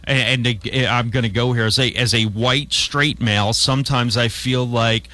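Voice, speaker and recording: A man's voice: mid-range voice, steady tone, normal speed, pushed and bright, no echo. Chatty male radio host, dry studio sound. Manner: chatty, rambling with restarts. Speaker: radio talk show host. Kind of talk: casual radio talk.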